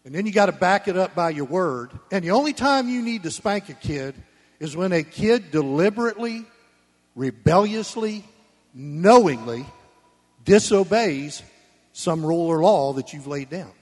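A man preaching a sermon, blunt and folksy, swinging between loud emphasis and soft asides. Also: sits high, expressive, normal speed. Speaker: pastor. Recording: long reverb of a church hall.

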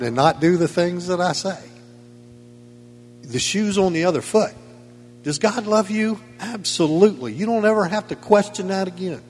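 A pastor preaching a sermon in a church, emphatic and folksy with chuckling asides. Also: male voice, sits high, in a large hall. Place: church sanctuary.

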